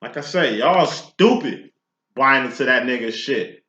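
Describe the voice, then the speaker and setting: A man's voice: medium pitch, expressive, a little slow, bright, forceful tone. A man giving a casual tarot reading, talking in a blunt, profane, preachy way. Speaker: tarot reader. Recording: echoey room, dull lo-fi sound.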